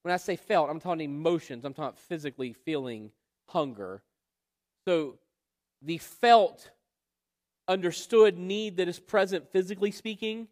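Male preacher, high voice, emphatic expository style, long hall reverb. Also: darkish tone. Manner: emphatic, rhetorical questions, drawn-out stresses. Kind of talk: expository Bible sermon.

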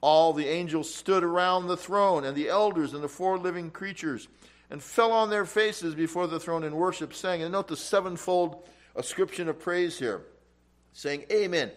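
A man's voice: fairly high pitch, normal speed. A man preaching an expository Bible teaching, reading verses aloud and explaining them emphatically. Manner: emphatic, rising loud on quoted scripture.

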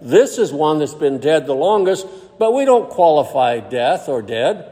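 A man's voice: fairly high pitch, very animated, a little slow, mellow. Man preaching in a reverberant hall. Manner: reads scripture aloud in King James wording, then explains it plainly. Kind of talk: sermon with scripture reading.

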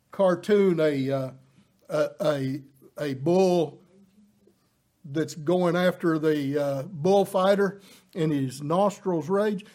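High-voiced, slow, impassioned male preacher. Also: a little mellow. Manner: impassioned, rising to emphatic peaks; folksy asides with filler words. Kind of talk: sermon.

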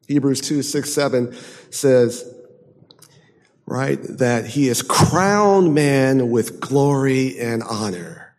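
A man preaching a sermon emphatically, moving from loud declaiming to hushed, intense passages. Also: mid-range voice, takes it slowly. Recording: long hall reverb.

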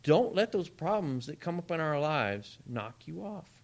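Animated, lively male preacher. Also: fairly high pitch, a little slow, gravelly. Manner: conversational, animated preaching with asides to the congregation. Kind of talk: sermon.

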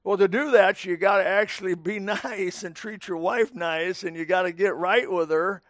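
A man's voice: high voice, normal speed, fairly bright tone, no room sound, clean studio sound. A middle-aged male pastor preaching a midweek sermon to his congregation, in a folksy, conversational way with asides to the people in front of him. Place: church sanctuary.

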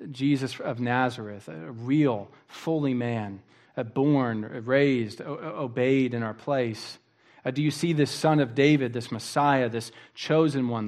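A man preaching a sermon in a thoughtful, earnest way, often restarting phrases and dropping to a hushed tone for quotations. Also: mid-range voice. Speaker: pastor.

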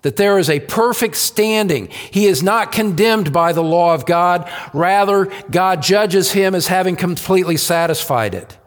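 Slow, deliberate male preacher. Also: high-pitched, in a large hall. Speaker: pastor. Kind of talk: sermon.

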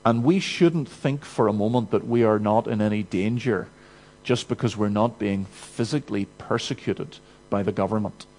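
A man preaching a sermon in an earnest, emphatic manner, rising to urgency and dropping to quiet. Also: lowish voice, moderate pace, rough recording.

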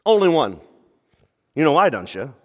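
A male pastor gives a lively sermon, slipping into quick mock voices and joking asides. His voice is rather high for a man, and a long reverb suggests a big hall.

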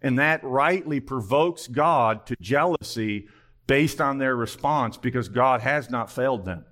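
A man's voice: medium pitch, measured pace, fairly bright tone. A male pastor preaching an earnest sermon, full of pointed rhetorical questions.

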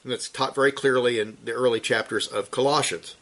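This is a man's sermon, scripture-based and emphatic, swinging between forceful crescendos and low, quiet stretches. His tone stays steady and his pace is brisk.

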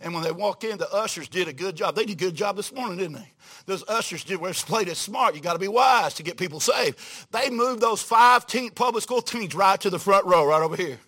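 A high-pitched man with a bright, ringing voice preaches to a church congregation. His delivery is folksy and animated, dropping low for quoted lines and rising to loud, emphatic exclamations. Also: brisk, breathy edge. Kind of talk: storytelling sermon.

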